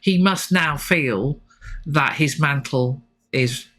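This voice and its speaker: Woman, podcast co-host, excited rambling chat, bright tone. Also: low-pitched, takes it slowly. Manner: enthusiastic, rambling with many fillers. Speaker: podcast co-host and rugby photographer. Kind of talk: excited casual chat about rugby.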